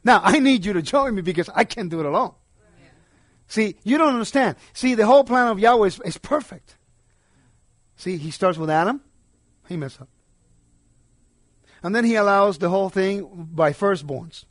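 High-voiced preacher with a dry sound. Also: male voice, animated, normal speed, long pauses, no echo. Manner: emphatic, rising and falling between soft asides and loud declarations. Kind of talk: sermon.

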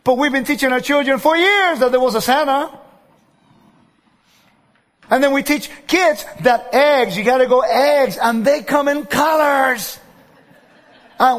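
Male preacher with a strikingly high voice, lively sermon delivery that acts out characters' lines, recorded in a hall with a long echo. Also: measured pace, pauses often. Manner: keeps checking in with the audience and acts out quoted voices.

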